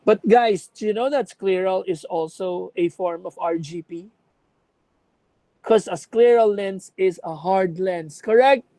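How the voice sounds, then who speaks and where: Slow-talking woman teaching a class. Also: mid-range voice, dark tone, no echo, low-quality recording. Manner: explains by example, checks with students. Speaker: lecturer. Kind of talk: classroom lecture on contact lenses.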